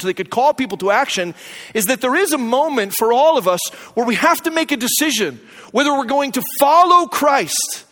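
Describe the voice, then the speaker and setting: Pastor, male, very high voice, earnest sermon delivery with hushed emphatic drops, reverberant church hall. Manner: earnest, varies pace, drops to a low hush for emphasis. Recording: long reverb of a large hall.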